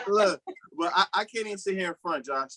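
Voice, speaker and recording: A man's voice: high voice, heavy background noise. A man with a Chicago accent, a guest father on a podcast, talking earnestly with many repeated words. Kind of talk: casual podcast interview.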